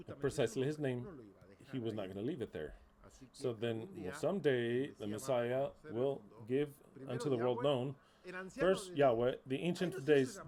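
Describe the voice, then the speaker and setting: A man delivering an informal sermon, blunt and emphatic, swearing freely as he drives his points home. His voice sits at an ordinary middle pitch. The chatter of a crowd is clearly audible behind him. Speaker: preacher.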